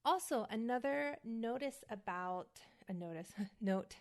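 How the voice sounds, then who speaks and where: A woman from the United States giving a casual spoken lesson as host of her show. She talks slowly and carefully, saying single words for the listener to repeat, and sounds a little worn out. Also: a little high, expressive. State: a little worn out, feeling hot. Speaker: acting coach and podcast host.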